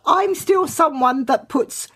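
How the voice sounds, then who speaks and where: A woman's voice: high-pitched, fairly bright tone, slight background noise. A woman host chatting casually and agreeably with her guest. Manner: agreeable, chatty with quick affirmations. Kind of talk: casual chat.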